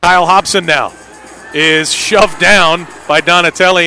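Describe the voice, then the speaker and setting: A man doing live play-by-play commentary on an indoor soccer match, with quick calls that rise sharply on big plays. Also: on the high side, steady tone, bright, forceful tone, soft background music.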